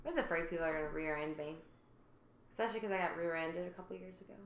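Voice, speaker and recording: A woman's voice: fairly low pitch, racing, a little hiss or hum. A woman co-hosting a podcast, telling stories in a chatty, casual way and laughing often. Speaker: podcast co-host. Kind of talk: casual chat. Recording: roomy echo.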